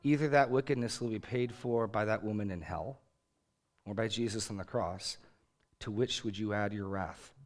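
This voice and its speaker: A man's voice: on the low side, moderate pace. A man in his thirties preaching a sermon in an earnest, conversational way, rising emphatically on key points. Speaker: pastor.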